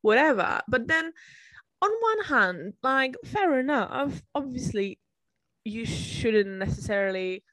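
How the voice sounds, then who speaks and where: A woman co-hosting a podcast in relaxed casual chat and steering the topic. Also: fairly high pitch, takes it slowly, no room sound. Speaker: podcast co-host.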